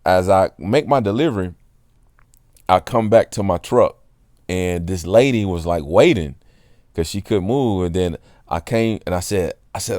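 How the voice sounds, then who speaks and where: A man with a fairly low voice tells a personal faith testimony in a loose, conversational way. He rambles earnestly and keeps turning to the listener to check they understand. The sound is dry, with no room echo. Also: unhurried, darkish tone. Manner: earnest, rambling, keeps asking "you know what I'm saying". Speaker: Christian testimony speaker; water delivery driver. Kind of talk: casual spoken testimony.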